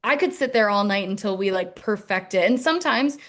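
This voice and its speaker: A woman's voice: mid-range voice, animated, fairly quick. A young adult woman musician in a casual interview, talking in a rambling way with many fillers. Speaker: musician guest.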